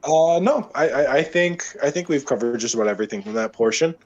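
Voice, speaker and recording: A man joining a casual anime chat as a guest, relaxed and chatty. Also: mid-range voice, fast. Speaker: podcast guest.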